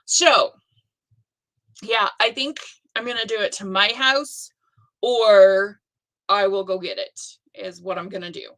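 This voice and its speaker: A woman's voice: mid-range voice, fairly even intonation, a little slow, long pauses, a bit bright, poor audio. A middle-aged woman hosting a live stream about a stitching challenge, chatting casually and rambling with self-deprecating asides.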